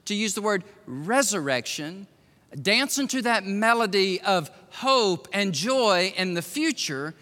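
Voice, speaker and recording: A man's voice: high-pitched, unhurried, big-room sound. A man in his fifties, a pastor preaching a sermon, telling stories with acted-out voices and frequent laughter. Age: 50s. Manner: animated storytelling, acts out voices, laughs often.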